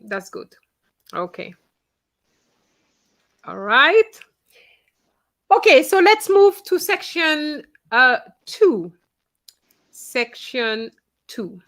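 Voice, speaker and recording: A woman with a fairly high voice leads a French lesson online. She speaks slowly and patiently, explaining each step and checking in with her students. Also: sharp tone. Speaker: French teacher. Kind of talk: online class instruction.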